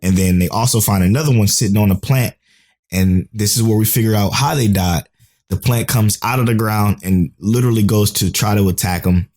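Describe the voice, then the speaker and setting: Low-voiced excitable young man chatting. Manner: excitable, swears casually, quick recaps. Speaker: podcast co-host. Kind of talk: casual chat.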